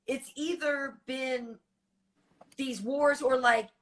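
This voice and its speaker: A woman's voice: high-pitched, steady tone, takes it slowly, fairly bright tone. A woman hosting a casual talk show, upbeat and laughing along with guests. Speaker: host. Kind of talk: casual chat.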